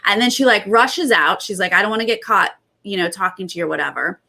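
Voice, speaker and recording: A young adult woman hosting a casual recap, retelling events in animated bursts and quoting others. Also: medium pitch, quick pace, vocal fry. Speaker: host.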